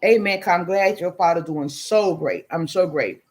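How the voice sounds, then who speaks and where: A middle-aged woman with a Chicago-area accent hosts a casual livestream, reading viewer comments and speaking candidly and emphatically while sipping wine. Her voice is fairly low with a darkish tone, at a moderate pace.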